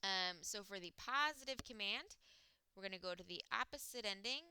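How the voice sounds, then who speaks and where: Bright, crisp-voiced woman teaching Spanish. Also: medium pitch, animated, moderate pace. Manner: explains step by step, with frequent "um" and "okay". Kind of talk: recorded classroom lesson.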